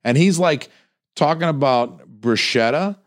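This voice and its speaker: Animated profane man in casual chat. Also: a little high, a little slow. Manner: animated, profane, does mocking voices.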